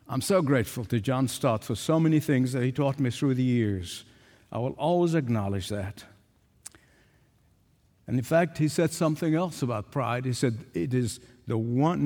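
An older man preaching a sermon, emphatic, repeating phrases for stress. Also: a little high. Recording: long hall reverb.

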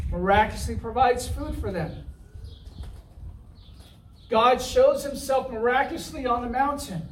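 Male preacher, very high voice, conversational sermon, recorded from a distance. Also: expressive, a little slow, pauses often, a little hiss or hum. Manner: conversational, asks the room "right?"; acts out the Israelites' complaints in a whiny voice. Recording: roomy, from far off the mic.

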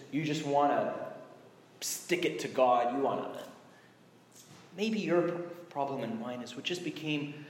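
Man preaching in an echoey hall. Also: medium pitch. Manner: conversational, emphatic with rising exclamations. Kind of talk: sermon. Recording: echoey hall with faint background noise.

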